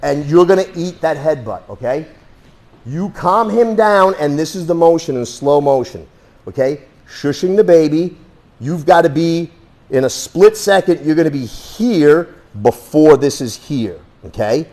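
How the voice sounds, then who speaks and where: A man's voice: on the high side, lively intonation, a little slow, darkish tone. A man teaching self-defense through a hands-on demonstration, talking bluntly and cursing freely. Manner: blunt, profane, streetwise.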